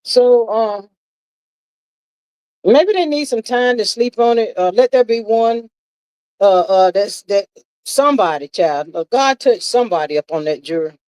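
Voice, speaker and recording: A woman with a slightly high voice hosts a casual livestream, reacting to viewer comments in an emphatic, exasperated way. She sighs and drawls, calling everyone "child" and "y'all". The recording is dry and close, with no room echo. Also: animated, a little slow, a little mellow, smooth.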